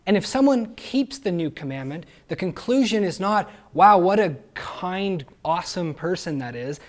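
A man preaching a sermon, earnest and emphatic, often pausing to ask his listeners rhetorical questions. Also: high-pitched, darkish tone. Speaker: pastor.

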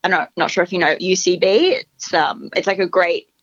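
A woman's voice: on the low side, fairly even intonation, dry recording, highs cut off. Easygoing woman guest. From Australia. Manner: easygoing, unhurried and chatty with casual fillers. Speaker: guest comedian. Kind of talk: casual interview chat.

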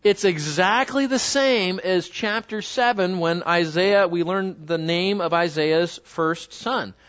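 High-voiced man teaching a Bible class. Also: fairly bright tone. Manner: conversational, questions the class often and reads scripture slowly. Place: in front of a live group. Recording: dull lo-fi recording.

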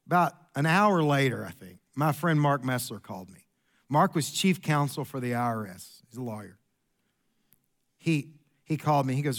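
A middle-aged man preaching a sermon in a church, an animated storyteller who jumps his pitch up for quoted lines. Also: moderate pace. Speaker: pastor. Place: church sanctuary.

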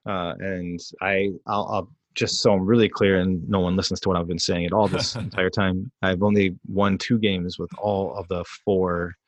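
Man with a low, dry-sounding voice. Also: level tone, moderate pace, few pauses, no echo. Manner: self-deprecating, jokey. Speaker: podcast co-host. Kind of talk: casual card game chat.

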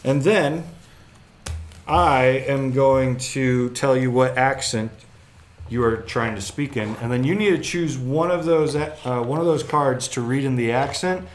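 A man's voice: mid-range voice, roomy sound. A man hosting and judging a party game with friends, joking and teasing. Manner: joking, teasing, quick asides. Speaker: game host and judge. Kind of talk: casual party-game chat.

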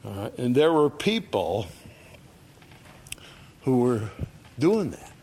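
A man's voice: sing-song, takes it slowly, dark tone, slightly rough. Older man preaching a conversational sermon. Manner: conversational, reads scripture with raised pitch and volume; asks the audience "all right?".

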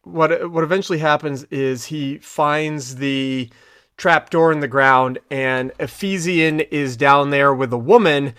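A man's voice: a little high, a little slow, a bit bright, clean tone, dry recording, clean studio sound. A man co-hosting a podcast, recapping an episode in loose, rambling casual chat full of fillers and restarts. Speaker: podcast co-host.

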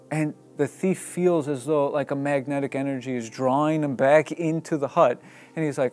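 A man recounting a story casually, full of "um"s and chuckles. His voice is a little high, and faint music plays underneath. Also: moderate pace. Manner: laughing often, filler-heavy, animated.

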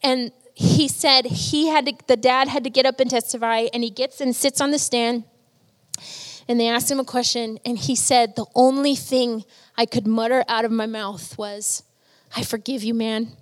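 A woman's voice: fairly high pitch, fairly even intonation, normal speed, in a large hall. A woman preaching a sermon, telling stories earnestly and with emotion.

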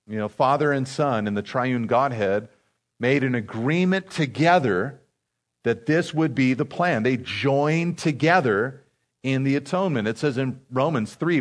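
A man teaching through a Bible passage verse by verse, reading scripture aloud and then explaining it in a relaxed, informal way. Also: medium pitch. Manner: relaxed, informal asides with fillers.

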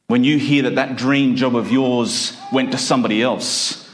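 A man preaching a sermon in a church, emphatic and stretching out his phrases slowly. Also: medium pitch, fairly even intonation. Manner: emphatic, with slow drawn-out phrases.

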